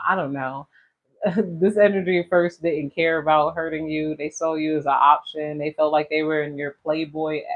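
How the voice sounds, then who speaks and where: A woman's voice: low voice, narrow, tinny audio. A woman giving a casual tarot reading, rambling and slangy and laughing often as she talks. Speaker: tarot reader.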